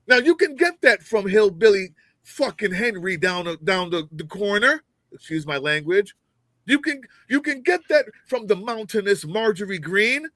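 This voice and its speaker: A man with a high voice delivers a fiery, profane political rant over a video call. He mocks opponents and fires off rhetorical questions. The sound is dry and close, with no room around him. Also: fairly bright tone, no room sound, rough recording. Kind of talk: heated political commentary.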